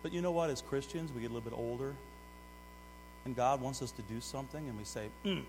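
A man's voice: mid-range voice, fast talker. Preaching man in an echoing hall. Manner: swings between loud urgent exhortation and hushed asides; asks the congregation direct questions. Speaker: pastor. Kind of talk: sermon. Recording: long hall reverb with mains hum.

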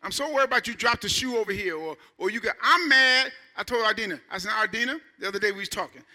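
A man in his fifties preaching a Sunday sermon in an animated, conversational way, building to shouts. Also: sits high, fast talker. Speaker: pastor.

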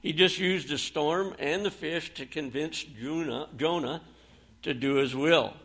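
A man's voice: fairly high pitch, unhurried, a bit bright. A man preaching a sermon, reading scripture aloud and retelling Bible stories with plain, folksy phrasing and a few fillers.

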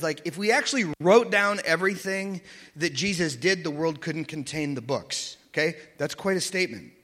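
A man's voice: on the high side, fairly bright tone, big-room sound. A man giving a casual Bible teaching, chatty and joking, often checking in with "okay?" and "right?".

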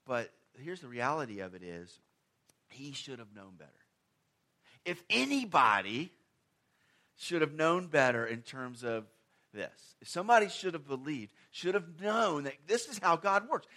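A male preacher with a voice sitting a bit high for a man, delivering a sermon. He talks conversationally, leaning hard on key phrases and dropping to quieter asides, with plenty of rhetorical questions. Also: big pitch swings, normal speed. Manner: swings between loud stressed phrases and quiet asides.

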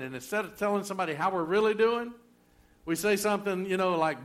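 A man's voice: high voice, a little fast, fairly bright tone. A middle-aged man preaching a sermon in a folksy, conversational way, full of rhetorical questions. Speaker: pastor.

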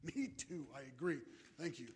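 A man preaching a sermon, animated and joking, out of breath as he moves about with props. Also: a little high, moderate pace, husky. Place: church.

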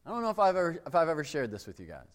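A man delivers a sermon in a high, lively voice that leaps up and then falls to a near hush for emphasis. His words ring out with a long reverb, as if from a large hall. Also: very fast. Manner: animated, emphatic preaching with sudden drops to quiet. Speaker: pastor.

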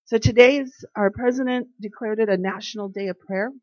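A woman's voice: medium pitch, fairly even intonation, moderate pace. Chatty woman giving a faith talk. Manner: chatty storyteller who acts out quoted people. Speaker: devotional speaker. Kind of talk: casual faith talk with anecdotes. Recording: dry, slightly dull recording.

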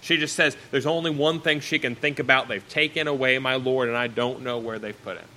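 Bright-voiced man preaching a sermon. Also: mid-range voice, steady tone, brisk, slight background noise, low-quality recording. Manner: reads scripture aloud then explains it in plain words, rising and dropping.

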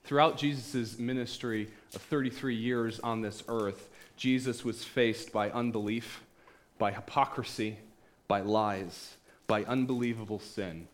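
A pastor preaching a sermon, retelling stories with acted-out quoted voices, swinging between loud bursts and hushed, quiet passages. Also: male voice, lowish voice, steady tone, measured pace.

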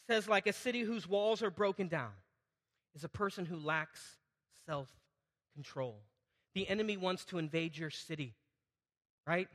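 A middle-aged man preaching a sermon in a church hall, animated, asking the congregation questions and acting out what people say in a raised voice. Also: high voice. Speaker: pastor. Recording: hall reverb.

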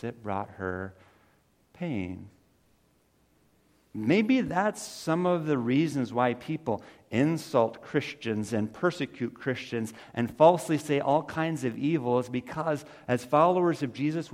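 A male pastor delivers an earnest sermon, his voice mid-pitched and rising to emphatic peaks. The sound carries a long reverb from the hall.

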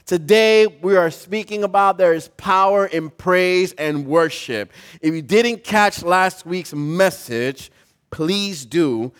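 Animated man preaching a sermon. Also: high-pitched, slow. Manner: animated storyteller, questions the congregation. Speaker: pastor.

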